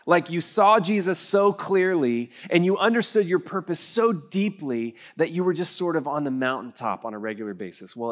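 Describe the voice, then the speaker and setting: A middle-aged man preaching a sermon as pastor in a church, telling stories in a conversational way and asking the congregation questions. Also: medium pitch. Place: church sanctuary.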